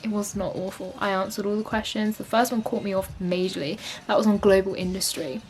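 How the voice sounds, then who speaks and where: A young woman chats to the camera in a loose, rambling vlog style. She fills her talk with "like" and "um" and keeps an everyday, mid-range tone. Soft music plays faintly underneath her. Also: medium pitch, steady tone, brisk. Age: young adult. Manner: chatty, rambling, lots of "like" and "um". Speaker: vlogger. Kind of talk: casual vlog chat.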